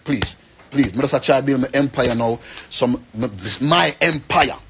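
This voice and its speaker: A man's voice: mid-range voice, normal speed, vocal fry, background noise. A young man with a Jamaican accent, rambling and pleading in an emotional rant to the camera. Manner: pleading, rambling, repeats himself.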